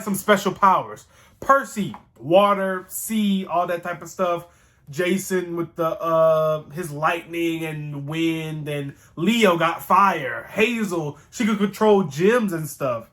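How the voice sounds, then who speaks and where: A man casually rambling through a show recap, excitable and slangy, with some swearing. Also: high voice.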